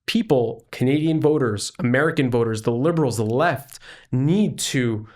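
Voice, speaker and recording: A man's voice: mid-range voice, normal speed. Earnest man co-hosting a podcast. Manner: earnest, repeats words as he builds a point. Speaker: podcast co-host. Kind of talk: casual political podcast chat.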